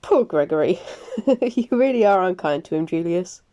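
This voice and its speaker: Lady playing a dry amused vampire guy, mellow low-key storybook voice. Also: lively intonation, fairly quick, muffled recording. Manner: sardonic, amused.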